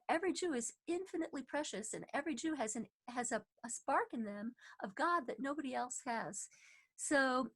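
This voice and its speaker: A woman teaching an online class over a video call, chatty and full of fillers and restarts. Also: high-pitched.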